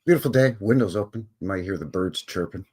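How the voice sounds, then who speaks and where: A man hosts a casual livestream from his room at home. He talks in a rambling, chatty way and keeps breaking off his own sentences. His pitch swings around in a lively way. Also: fast, breathy edge. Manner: rambling, chatty, self-interrupting. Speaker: channel host. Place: home room with windows open.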